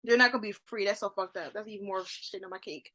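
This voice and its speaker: A woman co-hosting a casual TV review podcast, excitable, with sudden loud outbursts and lots of fillers. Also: medium pitch, fast. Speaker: podcast co-host. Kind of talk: casual chat reviewing a TV show.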